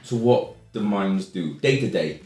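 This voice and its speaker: A man's voice: lowish voice, expressive, a little slow, mellow. A man in an improv comedy scene, talking in a laid-back, chuckling ramble. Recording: roomy sound.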